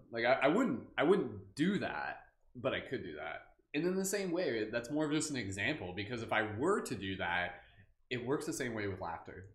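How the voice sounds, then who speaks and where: A man leads a live guided meditation in a loose, goofy, chatty way. His voice sits in a middle pitch. The sound bounces around an echoey room. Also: a bit bright. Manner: playful, goofy, chatty with filler "like". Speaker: meditation host.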